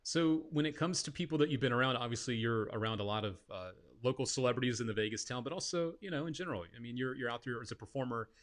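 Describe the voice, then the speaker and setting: A man hosting a casual interview, relaxed and reading out viewer questions. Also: mid-range voice, quick pace, hardly any pauses. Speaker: interview host.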